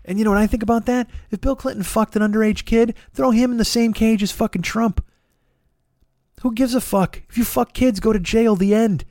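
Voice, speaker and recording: A high-pitched, brisk voice belongs to a middle-aged Midwestern podcast host from Chicago, USA. The audio is studio quality with no room sound. He rants casually and animatedly, swearing plenty and repeatedly fumbling into restarts.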